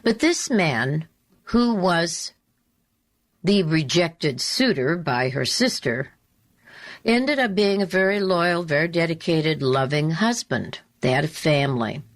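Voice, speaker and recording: Woman radio host, low voice, very slow pace, deliberate storytelling, emphatic repeats. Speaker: radio talk show host. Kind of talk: storytelling monologue.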